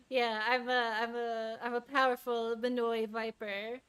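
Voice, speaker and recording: A woman streaming a game, chatting in an excitable, giggly and self-mocking way. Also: on the high side, unhurried, hardly any pauses, smooth. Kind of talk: live gameplay commentary.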